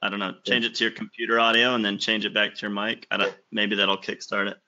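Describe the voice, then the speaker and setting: Very bright-voiced man on a lo-fi call. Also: on the low side, little pitch movement, fast talker. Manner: easygoing, hesitant, apologetic with tech troubles. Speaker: webinar co-host. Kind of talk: casual call chat. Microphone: computer audio on a video call. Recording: dull lo-fi online call audio.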